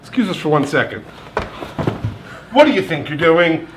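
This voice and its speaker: An actor playing a heroic rescuer who speaks in formal, grand language. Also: male voice, on the high side, very animated, normal speed, reverberant, background noise. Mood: exasperated. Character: heroic bar owner's partner, theatrical rescuer.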